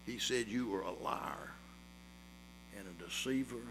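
A man's voice: on the low side, unhurried, noisy background, voice pushed down, lightly acted. A man voicing a ten-year-old shepherd boy in a sermon story, wary and pleading.

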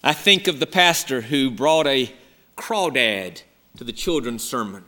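A man preaching a sermon, emphatic and dramatic, moving from loud exclamations down to hushed near-whispers. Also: mid-range voice, expressive, measured pace.

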